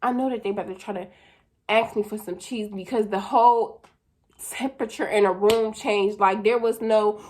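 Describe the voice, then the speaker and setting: A young woman telling a wild personal story in a casual vlog, profane and animated, full of slang. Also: medium pitch, moderate pace, slight background noise.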